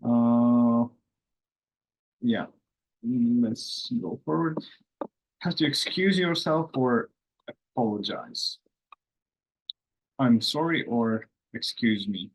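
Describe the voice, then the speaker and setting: A man whose first language is Finnish talks through everyday phrases in a relaxed lesson. His voice is husky and a little breathy. He speaks very slowly and unhurriedly, pausing often to think aloud. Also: mid-range voice, rough recording. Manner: slow, explanatory, thinks aloud with many fillers. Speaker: language course host.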